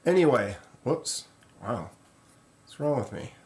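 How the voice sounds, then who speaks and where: A man hosting a casual live stream, rambling in a relaxed way and reading viewer comments aloud. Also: mid-range voice, slow pace, slight background noise. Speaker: knife channel host.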